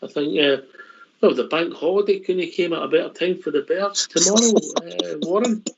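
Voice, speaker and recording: Guy hosting a fan radio show, quick short prompts, slightly high voice, dull audio. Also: vocal fry, a loud crowd. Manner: brief, hands over to guests. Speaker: host. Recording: dull lo-fi line.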